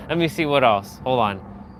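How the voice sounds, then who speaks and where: A man's voice: mid-range voice, expressive, takes it slowly, background noise. Chatty man coaching on a live stream. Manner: loose and chatty, many "like"s and restarts, swings his voice up and down to demonstrate. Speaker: live stream host coaching a viewer on speaking. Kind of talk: casual live-stream feedback.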